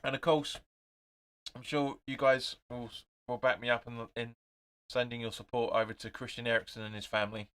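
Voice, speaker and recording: Excitable man doing watch-along commentary. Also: mid-range voice, moderate pace, clear, resonant tone. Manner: excitable, swears, chats with viewers between play calls. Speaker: host of a live football watch-along.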